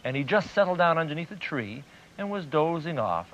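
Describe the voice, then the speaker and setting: A man hosting a children's TV show, telling a story to children in a gentle, animated storyteller's way. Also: on the high side, brisk, heavy background noise. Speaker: children's TV host. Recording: dull lo-fi 1990s TV recording.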